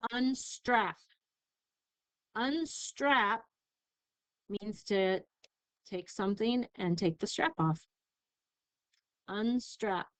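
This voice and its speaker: A woman teacher giving a recorded spelling lesson, sounding out syllables slowly and carefully. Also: on the high side, smooth, no room sound, poor audio. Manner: slow, careful enunciation of syllables.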